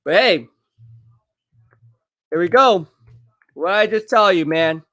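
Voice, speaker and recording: A man hosting a live stream, giving casual commentary, boastful and laughing often, with quick bursts of excitement. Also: high voice, dry recording, studio quality.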